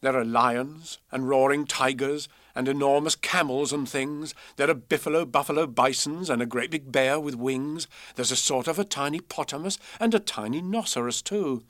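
A man reading children's poems and a storybook aloud in a measured, expressive way. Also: medium pitch, no echo, studio quality. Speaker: narrator.

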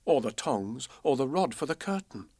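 A man reads children's poems and a storybook aloud in a measured, expressive way. His voice sits in a middle register. The recording is very dry and close, with no room sound. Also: medium pitch, slightly rough, dry recording. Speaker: narrator. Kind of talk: storybook and children's verse reading.

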